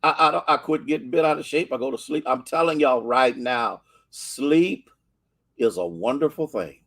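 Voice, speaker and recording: A man's voice: mid-range voice, normal speed, a bit bright. A man with an American accent, a pastor giving a short devotional sermon, building fervor through repetition and calling out to listeners by name. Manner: preaching with rising fervor, repetitions, call-outs to listeners.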